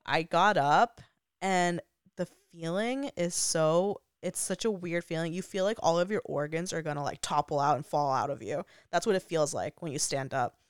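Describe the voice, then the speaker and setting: Young woman, low voice, smooth and clear, dry close sound, casual chatty storytelling, lots of "like". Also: normal speed, no echo. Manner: chatty, full of "like" fillers; laughs often while talking. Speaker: vlogger.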